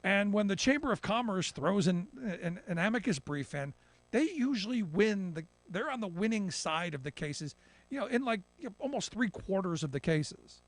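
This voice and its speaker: A man giving animated political commentary on a talk radio show, often mocking politicians in imitation. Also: sits high, moderate pace, dry recording.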